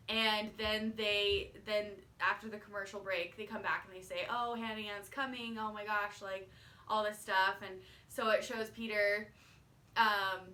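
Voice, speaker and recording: A woman's voice: on the high side, bright, forceful tone, recorded from a distance. A woman casually recapping a TV finale, rambling with lots of fillers and "like". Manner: rambling with many fillers and likes. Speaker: vlogger recapping a TV show. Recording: echoey room, off-mic.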